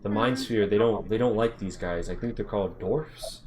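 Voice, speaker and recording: Low-voiced man running a tabletop game. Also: moderate pace, noisy background. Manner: rambling, lots of filler, casual. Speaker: game master.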